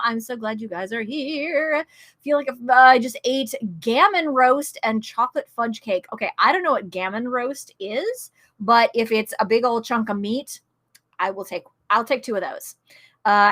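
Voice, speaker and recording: Bubbly and quick to laugh, this middle-aged streamer and guest welcomes her viewers in a casual chat during a stream. Her voice is a little high, unhurried, and fairly bright.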